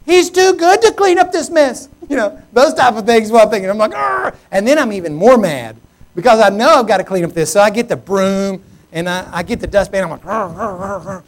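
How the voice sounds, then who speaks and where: A male pastor preaching a sermon, telling a personal story in an animated, humorous, self-mocking way. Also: high voice.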